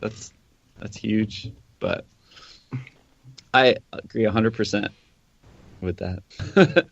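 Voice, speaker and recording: Slow, easygoing male drum teacher. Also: fairly low pitch, creaky. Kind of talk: casual podcast chat. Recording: dull lo-fi audio.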